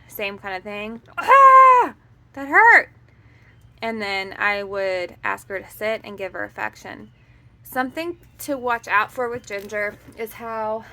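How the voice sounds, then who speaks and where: A woman dog trainer calmly explaining puppy training, methodical and often pausing to hesitate. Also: mid-range voice. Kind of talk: instructional explanation.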